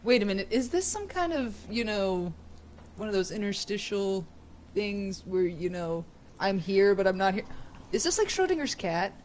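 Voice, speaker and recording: A woman's voice: medium pitch, sing-song, normal speed, darkish tone, slight background noise. A woman co-hosting a game stream, chatting playfully and laughing often. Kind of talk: casual chat. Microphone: desk microphone.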